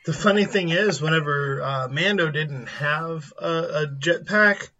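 A man in his thirties casually telling animated stories about his family, acting out their lines. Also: a little high, measured pace. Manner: animated anecdotes, acts out family quotes. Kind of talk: casual storytelling chat. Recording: lo-fi muffled audio.

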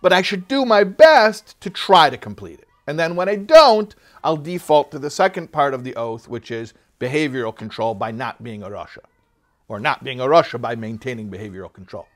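A man teaching a religious text class, explaining ideas in an animated way and acting out little quoted voices. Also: mid-range voice, brisk. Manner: animated, acts out quoted people, many restarts. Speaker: Torah teacher. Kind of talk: classroom lesson.

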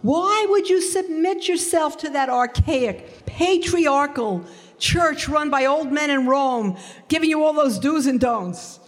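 A woman's voice: high-pitched, animated, slow, pitched above the performer's own voice. A woman voicing a lapsed Catholic friend who questions her with reproach. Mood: reproachful. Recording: long hall reverb.

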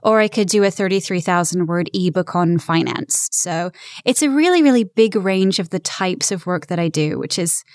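A woman's voice: fairly low pitch, normal speed, no echo, studio quality. Chatty woman with an American accent. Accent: American with British traces. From England. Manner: lively, chatty, laughs easily. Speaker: voice actor guest. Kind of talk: casual interview chat.

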